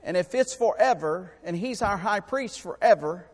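A man preaching a sermon, emphatic and repetitive, his voice climbing louder and higher to drive home points. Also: expressive, normal speed. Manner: emphatic, rises in pitch and volume for rhetorical points; repeats and restarts words while preaching. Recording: long hall reverb.

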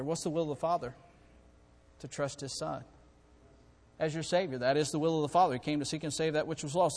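High-voiced preacher in echoing hall. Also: male voice, fast talker. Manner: impassioned, repetitive, swings from quiet to loud. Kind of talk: sermon.

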